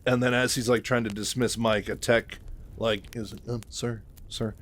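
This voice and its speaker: A man's voice: mid-range voice, flat delivery, moderate pace. A man casually retelling a novel's story, rambling with many fillers and chuckling at his own asides.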